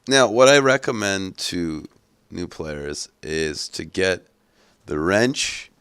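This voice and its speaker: A man's voice: sits low, animated, takes it slowly, fairly bright tone, clear, resonant tone, no echo. A man hosting a gameplay walkthrough, talking casually with profane jokes. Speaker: gaming channel host. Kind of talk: gameplay commentary.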